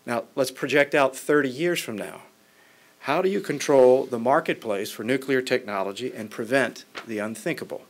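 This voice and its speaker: Man giving a measured policy speech. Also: medium pitch. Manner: measured and formal, with occasional restarts. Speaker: member of Congress.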